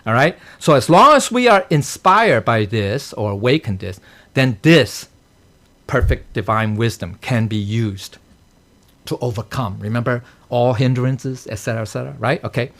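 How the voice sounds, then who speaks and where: Animated male teacher checking in constantly. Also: medium pitch, moderate pace. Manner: checks in constantly with "okay?" and "right?"; chuckles at his own jokes. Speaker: dharma teacher. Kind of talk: explaining a sutra to a class. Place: temple study class.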